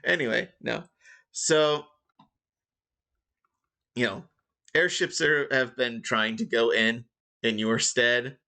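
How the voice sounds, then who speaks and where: A man's voice: mid-range voice, fairly even intonation, slow pace, vocal fry, long pauses, sharp tone. A man running a tabletop game as dungeon master, rambling and joking with lots of fillers. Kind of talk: casual game-master narration.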